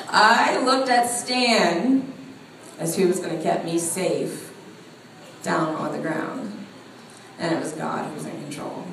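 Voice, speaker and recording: A woman's voice: lowish voice, a little hiss or hum. A woman telling a funny spiritual story, laughing often as she speaks. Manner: animated storytelling with frequent laughter. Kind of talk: humorous spiritual talk. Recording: echoey room heard from a distance.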